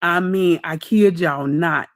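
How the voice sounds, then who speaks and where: Taking it slowly in a lowish voice, a woman at home gives a casual livestream update, talking at length to her viewers and calling them y'all and baby. The sound is studio quality with no echo.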